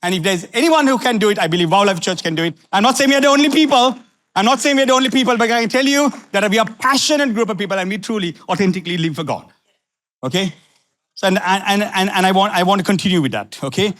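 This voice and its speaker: A middle-aged man from Sri Lanka preaching a sermon as pastor, repeating phrases and swinging from low asides to fiery questions. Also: a bit bright.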